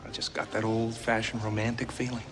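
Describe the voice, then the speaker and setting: A man's voice: on the low side, flat delivery, a little fast, natural voice. An actor playing a goofy, dim-witted, lovestruck young man in a film comedy, with a nasal voice. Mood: dreamy.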